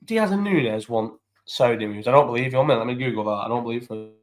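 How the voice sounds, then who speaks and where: A man's voice: medium pitch, fast. A young man hosting a casual live chat into his phone, sweary and rambling as he banters with viewers' comments. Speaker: live stream host.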